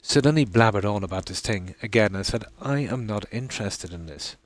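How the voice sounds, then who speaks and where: An Irish man tells a long, rambling story as he streams a game, a lot of "I said" as he goes. His voice sits low. The sound is dry and close, with no room echo. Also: expressive, a little fast. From Ireland. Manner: rambling anecdote, frequent "I said". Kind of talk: casual storytelling while streaming.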